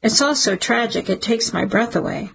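A woman reading a first-person audiobook in a measured, emotional storytelling manner. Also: on the high side, creaky, a bit bright, slightly rough, poor audio. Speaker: audiobook narrator.

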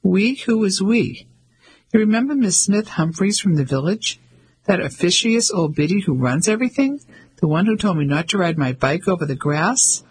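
A man's voice: high voice, expressive, moderate pace, husky, voice pushed up, rough recording. A man voicing an earnest young soldier home on leave, anxious and incredulous. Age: young adult.

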